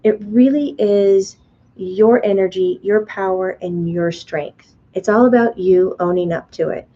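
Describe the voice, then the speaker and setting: A woman teaching spirituality in a live online class, chatty and animated, often acting out voices. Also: medium pitch, a little slow, muffled recording. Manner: animated, chatty, playfully acts out the mind's voice. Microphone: webcam or computer mic on a video stream.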